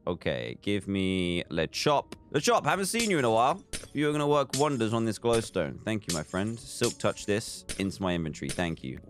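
A young man giving casual, animated commentary while playing a video game. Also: on the low side, normal speed, few pauses, soft background music. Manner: animated, swings into panicked exclamations. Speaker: gaming YouTuber. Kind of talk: casual let's-play commentary.

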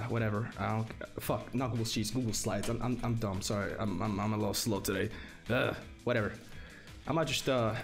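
A young man streaming live, flustered and swearing as he reads game text aloud. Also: mid-range voice. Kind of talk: live gameplay commentary.

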